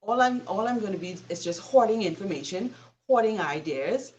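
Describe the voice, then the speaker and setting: A woman's voice: mid-range voice, expressive, moderate pace, darkish tone, distant mic, lo-fi sound. Emphatic woman giving a motivational talk. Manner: emphatic, preachy, with rhetorical questions. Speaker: host.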